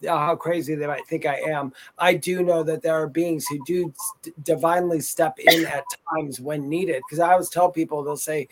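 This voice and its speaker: A man co-hosting a live talk show, speaking earnestly and haltingly about his beliefs. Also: fairly high pitch, fairly even intonation, rough recording. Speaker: co-host. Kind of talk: live call-in chat.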